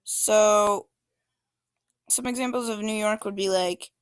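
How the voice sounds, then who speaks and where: A woman's voice: mid-range voice, fairly even intonation, slow, long pauses, smooth, no room sound. A woman giving an informal presentation about maps, talking casually with many fillers and small restarts. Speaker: student presenter.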